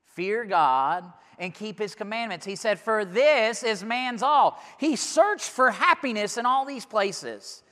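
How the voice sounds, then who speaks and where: A man preaches in an earnest, emphatic style, his loudness swelling and dropping from phrase to phrase. His voice sits high and bright. It rings with the long reverb of a church hall. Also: lively intonation, slow. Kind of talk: sermon.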